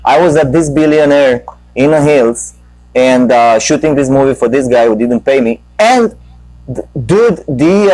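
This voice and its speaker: A man's voice: medium pitch, a little mellow, no echo, low-quality recording. Man, talk-show host, non-native English speaker, profane storyteller, dry recording. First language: Romanian. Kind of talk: rambling live show chat.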